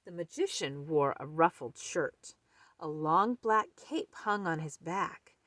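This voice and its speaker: A woman reading a children's picture book aloud, slow and expressive. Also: low voice, no room sound. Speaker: storyteller.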